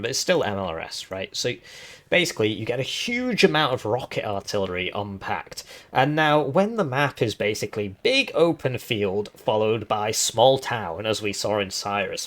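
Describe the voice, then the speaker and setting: A man with a lowish voice talks through strategy game tactics in a loose, explanatory way, tagging points with quick questions. His voice is hoarse and wearing out. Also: fairly bright tone. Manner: chatty, explanatory, tag questions. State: hoarse, voice giving out. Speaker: gaming video host. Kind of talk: casual game analysis.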